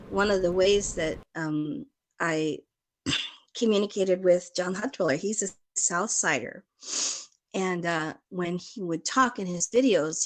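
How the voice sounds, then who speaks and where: A woman from Chicago chatting casually as a guest, rambling in a stream-of-consciousness way and laughing often. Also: lowish voice. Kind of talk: casual chat.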